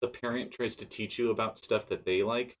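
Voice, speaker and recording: A man's voice: on the low side, fairly even intonation, fairly quick. A man acting as dungeon master, narrating and calling rolls in a playful manner. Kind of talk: running a tabletop game.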